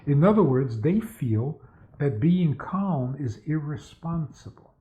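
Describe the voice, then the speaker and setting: A man's voice: a little high, lively intonation, takes it slowly, warm tone. A man who is a rabbi, giving a spoken lecture with stories and asking rhetorical questions. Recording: tinny phone-like sound.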